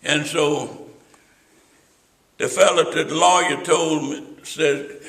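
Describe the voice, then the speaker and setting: A man's voice: a little high, fairly even intonation, slow pace, long pauses, a bit bright. An older man, telling rambling stories with asides to his listener in an oral history interview. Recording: roomy echo.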